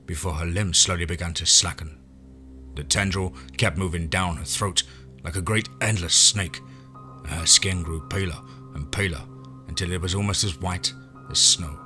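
A man reading a western horror story aloud in first person, steady and dramatic. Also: sits low, moderate pace, faint music behind. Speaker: narrator.

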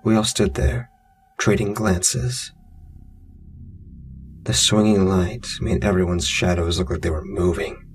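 A man's voice: deep voice, steady tone, a little slow, long pauses. A man narrating a true scary story in the first person, blunt, profane and wry. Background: music.

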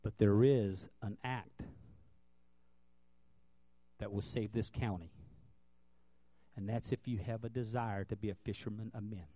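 A man preaching a sermon as a guest pastor in a church, swinging from loud earnest preaching to quiet tender tones, then leading a prayer. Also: fairly low pitch, fairly even intonation, unhurried, long pauses, no echo. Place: church building.

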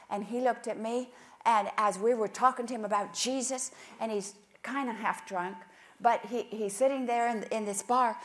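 A woman preaching at a conference with passion, dropping to hushed whispers and rising to loud outbursts as she tells stories and acts out prayers. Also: on the high side. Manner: storytelling with quoted prayers. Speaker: conference speaker. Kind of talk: sermon. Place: conference stage.

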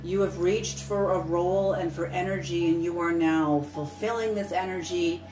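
Lady reading tarot, low-ish voice, echoey room, a bit far from the mic, kinda emphatic. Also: steady tone, normal speed. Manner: earnest, repetitive, emphatic, occasional swearing. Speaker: tarot reader. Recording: roomy, distant mic with soft music.

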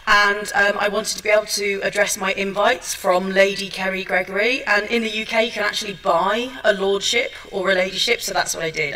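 At a trade show seminar room, a woman gives a chatty, self-deprecating presentation full of ums and restarts. Her mid-range voice sounds pushed and bright, and she is far from the mic, so the audio is poor.

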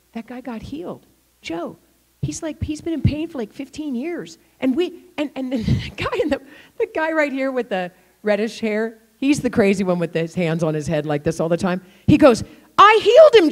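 Animated older woman preaching a story sermon. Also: mid-range voice. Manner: animated, acts out the people in her stories. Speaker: guest preacher. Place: church.

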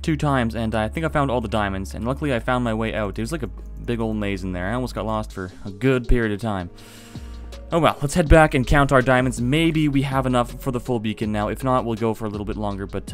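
A man giving casual let's-play commentary, excitable and chatty, talking to viewers while he plays. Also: lowish voice. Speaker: gaming video host.

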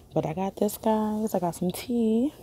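A young woman vlogs casually on a handheld phone camera in a hospital waiting area, rambling and laughing often. Her mid-range voice is mellow and slow, with a little hiss or hum.

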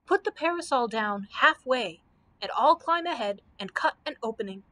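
A woman's voice: a little high, lively intonation, normal speed, a bit bright. A woman voicing a blustering, old-fashioned male knight who talks in archaic phrases.

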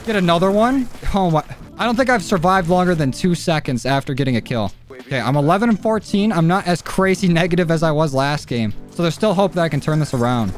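A man giving gameplay commentary, excitable and self-mocking, laughing at his own misses. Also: fairly high pitch, brisk. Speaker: gaming YouTuber. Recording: game music and gunfire behind.

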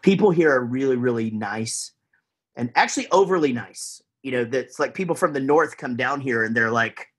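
A man's voice: mid-range voice, expressive, normal speed, fairly bright tone, husky. A man with a Texan accent, chatting casually as a podcast guest, rambling with lots of fillers and restarts. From Texas, USA.

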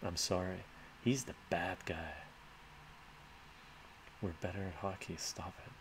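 Deep-voiced man in a rambling stream Q&A. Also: a little slow. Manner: rambling, reads out and answers viewer chat. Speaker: live stream host. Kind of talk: casual live stream Q&A. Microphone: laptop mic. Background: laptop fan hum.

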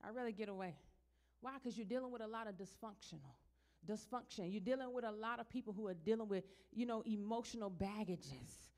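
A middle-aged woman minister preaching a sermon in a church, talking plainly to the congregation and then building to loud, high, emphatic passages. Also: fairly quick.

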